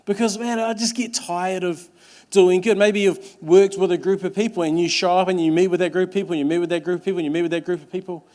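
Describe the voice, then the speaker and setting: A young man preaching a sermon, earnest and emphatic, with lots of repetition and quick restarts. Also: high-pitched, steady tone, darkish tone. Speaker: pastor.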